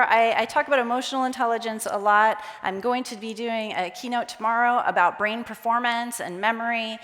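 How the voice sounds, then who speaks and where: A woman giving a conference talk on stage, lively and acting out quoted voices. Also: medium pitch. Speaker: conference speaker. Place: conference hall. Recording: long hall reverb.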